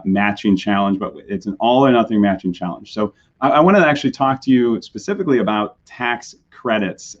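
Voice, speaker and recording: Hoarse guy, low voice, halting webcast talk w lots of uhs, dull lo-fi audio. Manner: halting, many "uh" fillers. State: hoarse, recovering from a sore throat. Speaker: executive director of a nonprofit. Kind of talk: webcast briefing.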